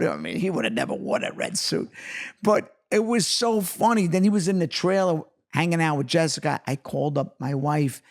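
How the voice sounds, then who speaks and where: A middle-aged man from New York tells rapid-fire stories as a guest in a casual chat. His voice sits high and carries a gravelly edge. He swears freely and gets worked up as he goes. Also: expressive. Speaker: guest, actor. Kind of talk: animated storytelling in casual chat.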